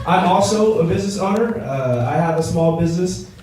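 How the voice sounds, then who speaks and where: A man's voice: sits high, animated, brisk. A young man doing a stand-up comedy set, chatting loosely and joking with the audience. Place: event venue before a live audience. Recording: echoey room from far off, loud crowd.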